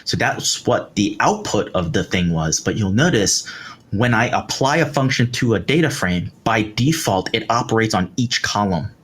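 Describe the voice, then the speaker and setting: A man's voice: lowish voice, lively intonation, moderate pace, a bit bright, slightly rough. A man teaching a live coding tutorial, explaining step by step with fillers like "um" and "right" as he works. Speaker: instructor. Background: keyboard typing.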